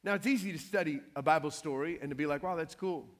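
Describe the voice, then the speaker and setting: A man preaching a sermon, telling a Bible story with lively, joking asides. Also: a little high, fast talker, in a large hall. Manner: lively storytelling with playful trash-talk asides. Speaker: pastor.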